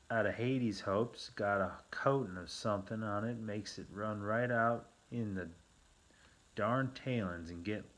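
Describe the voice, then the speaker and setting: A man's voice: lowish voice, voice pushed up. A man doing a whiny frontier mill man. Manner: whiny drawl with rough frontier slang.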